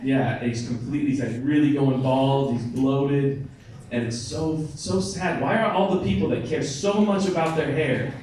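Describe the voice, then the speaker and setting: A mid-range, darkish voice at a moderate pace belongs to an American man doing stand-up at a bar comedy night, where he chats with and ribs the crowd. He's recorded from a distance in an echoey room as the audience laughs.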